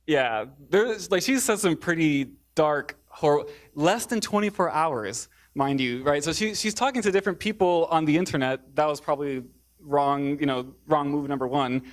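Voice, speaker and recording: A man's voice: a little high, normal speed. Hesitant man giving a public talk. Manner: hesitant, many fillers and restarts. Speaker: speaker. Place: theater.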